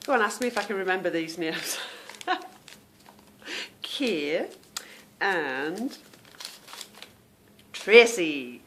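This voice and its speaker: A woman's voice: lowish voice, lively intonation, slow pace, pauses often, fairly bright tone, slight background noise. A woman hosting a podcast, chatting casually at home and calling her listeners "girl" and "girlies". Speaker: podcast host. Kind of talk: casual chat.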